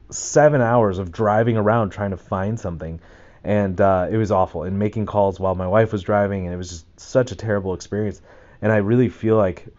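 Low, mellow-voiced man hosting a podcast. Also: highs cut off. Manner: excited, rambling with fillers and repeats. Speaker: podcast host. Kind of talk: casual solo podcast talk.

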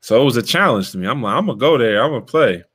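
A young man hosting a casual chat, telling a story in an animated, slangy way and calling his listener bro. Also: medium pitch, rapid-fire, breathy edge. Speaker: podcast host, former player.

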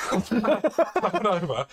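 A man's voice: high-pitched, very slow, noisy background. A young man co-hosting a casual podcast, telling travel stories with lots of laughter and acted-out voices. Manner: animated storyteller, laughs often, acts out quoted voices. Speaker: podcast co-host. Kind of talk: casual chat, storytelling.

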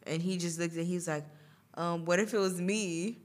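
Speaking at a normal speed in a lowish, steady voice, a young podcast host shares a personal story. Her storytelling is casual and chatty, full of laughter and filler words.

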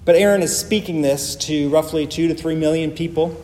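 Mellow-voiced male pastor preaching in a hall. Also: a little high, fairly quick. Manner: emphatic, builds through repeated phrases. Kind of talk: sermon. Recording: long reverb of a large hall.

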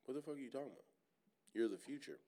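A man's voice: mid-range voice, lively intonation, very fast, dark tone. A man in casual, profane sports chat who tells stories and laughs often.

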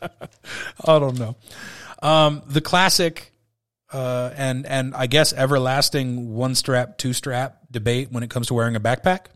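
A man's voice: medium pitch, flat delivery, measured pace, fairly bright tone. Rambling, profane man hosting a podcast. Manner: rambling, profane, with frequent fillers. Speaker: podcast host. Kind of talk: casual movie review chat.

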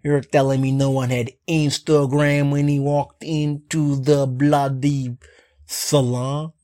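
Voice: mid-range voice, darkish tone. A casual, sarcastic film recap that rambles with frequent asides, swears, and then apologizes for it. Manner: sarcastic, rambling, keeps saying "anyway".

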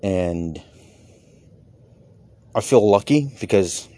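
This comedian and podcaster, an adult father, muses casually about personal matters, rambling and frank with offhand curses. His voice is lowish and dark in tone, expressive, with drawn-out words.

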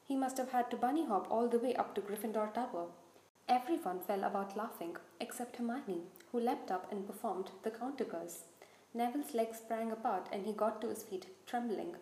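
A woman reading a children's novel aloud as narrator with clear, even storytelling. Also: a little high, normal speed, roomy sound, low-quality recording. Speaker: audiobook narrator. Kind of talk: scripted narration.

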